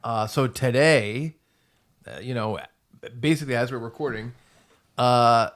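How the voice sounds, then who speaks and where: Man, comedy podcast co-host, casual chat, easygoing, laughs a lot, mid-pitched voice. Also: unhurried, fairly bright tone. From Rhode Island.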